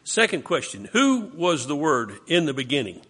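A man's voice: fairly high pitch, sing-song, normal speed, fairly bright tone, breathy edge. A man leading a Bible study class, questioning his students and coaching them through the text.

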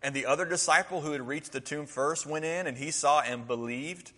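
A man's voice: a little high, brisk, pushed and bright, long reverb tail. A man giving a conversational sermon, retelling scripture and acting out the lines of the people in it. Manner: conversational, acts out quotes. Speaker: preacher.

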